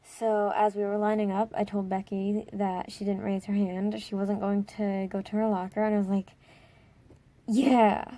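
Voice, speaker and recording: A teenage girl telling a school story in a casual storytime vlog, excitable and full of filler words, breaking into dramatic squeals. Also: mid-range voice, moderate pace. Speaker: storytime vlogger.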